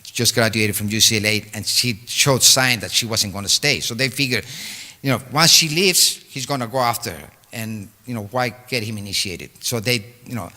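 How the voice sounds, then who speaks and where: An older man telling a personal story at a memorial talk, halting and full of fillers and restarts. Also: on the low side, pushed and bright. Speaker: devotee giving a homage talk. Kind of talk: storytelling reminiscence. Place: temple hall. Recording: long hall reverb.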